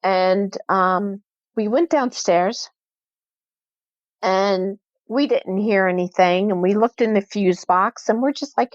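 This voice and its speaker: A woman guest on a podcast, recounting a haunting in an animated way and acting out the dialogue she quotes. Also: medium pitch, slow pace, dry recording, muffled recording. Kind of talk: podcast interview storytelling.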